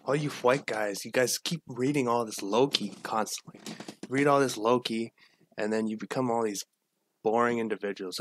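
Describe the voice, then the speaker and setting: A man's voice: mid-range voice, fairly even intonation, normal speed, slight background noise. A man hosting a casual livestream, rambling with repeats and restarts and greeting viewers from the chat. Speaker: livestream host.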